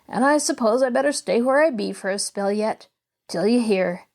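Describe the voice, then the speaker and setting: A woman's voice: a little high, moderate pace, natural voice. A woman reading a storybook aloud, voicing a proud, plainspoken orphan boy with a folksy drawl. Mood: earnest.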